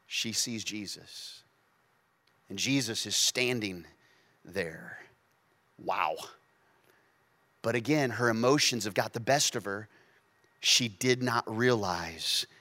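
Bright, animated male preacher. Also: medium pitch. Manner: animated, swings from hushed to loud and emphatic; acts out quotes with playful asides. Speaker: pastor. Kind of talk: sermon.

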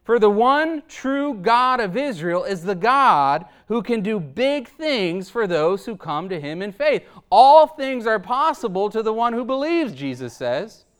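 A man's voice: sits high, big pitch swings, a little slow, hardly any pauses, a bit bright, smooth. A man preaching a sermon in an emphatic, rhetorical style, often tagging his points with "right?" and chuckling between them.

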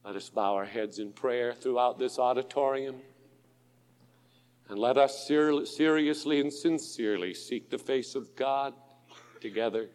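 A man preaching a sermon in an auditorium, slow and impassioned, dropping to a hush and rising to loud pleas. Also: medium pitch, smooth. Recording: long hall reverb.

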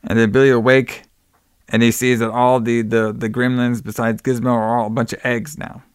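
Guy on a podcast walking through a movie plot, smooth clear voice, dry close mic. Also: mid-range voice, flat delivery, moderate pace, no echo. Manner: retells scenes, acting out lines in a raised voice. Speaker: podcast co-host. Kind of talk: casual film recap.

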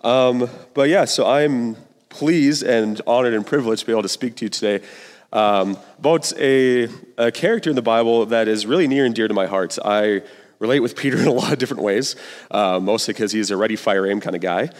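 A young youth pastor in his twenties gives a relaxed, chatty sermon full of asides. His voice sits in a middle pitch, and the long reverb of a large church hall trails after each phrase. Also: a little fast. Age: 20s. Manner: casual, conversational, with fillers and asides. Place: church sanctuary.

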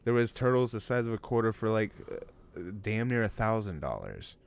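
A man's voice: fairly low pitch, sing-song, normal speed, vocal fry, clear, resonant tone. A young man co-hosting a podcast in casual chat, rambling and swearing freely. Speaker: podcast co-host.

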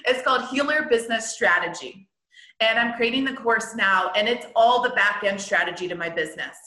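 A woman hosting a podcast as a healer business coach, talking in an excited, blunt casual monologue and swearing freely. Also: fairly high pitch, fairly quick. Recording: roomy echo.

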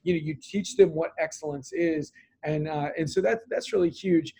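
A man with a fairly high voice answers interview questions in an earnest, conversational way. He talks about his work and goals, often restarting phrases with "um" and repeated words. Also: moderate pace, creaky, mellow, husky. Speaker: business owner and interview guest.

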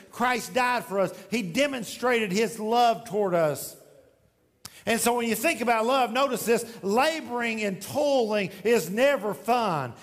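A man with a high-pitched voice preaches a sermon from the front of a church. He moves between forceful, emphatic lines and quiet, drawn-out ones. The sanctuary adds a long, lingering reverb to every phrase. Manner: emphatic preaching with wide swings between loud and hushed. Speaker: pastor.

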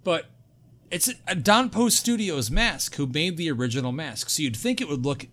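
A man hosting a podcast in casual chat, excitable, jokey and full of swearing. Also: on the high side, moderate pace. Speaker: podcast host.

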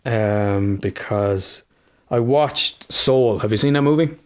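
A man's voice: lowish voice, slow. A man co-hosting a podcast, telling stories in casual chat, rambling, swearing freely and laughing often. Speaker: podcast co-host.

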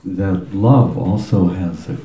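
A man at a retreat speaking haltingly, searching for words with many fillers. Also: low voice, dark tone, roomy sound, slight background noise, poor audio. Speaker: retreat participant.

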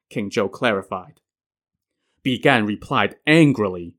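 A man's voice: fairly low pitch, expressive, unhurried, a bit bright. A male storyteller retelling a classic tale in casual narration with wry modern asides.

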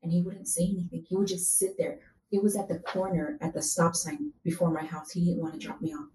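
A young woman with a lowish, warm, mellow voice tells stories animatedly and acts out what others said. The room around her is echoey, with a faint hum behind her. The talk is candid and casual. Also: brisk. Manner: animated storyteller, acts out quotes.

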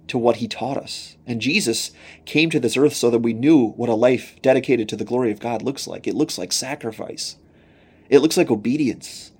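A man delivers a sermon in a husky, slightly breathy voice at an ordinary middle pitch. He talks earnestly, piling up rhetorical questions. His voice climbs when he speaks God's words. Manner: earnest, repetitive rhetorical questions, rises when quoting God. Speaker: preacher.

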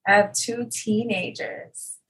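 A woman's voice: mid-range voice, fairly even intonation, unhurried, fairly bright tone, poor audio. A woman in her thirties, chatting hesitantly as a guest, often trailing off with fillers. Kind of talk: casual chat. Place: home studio booth.

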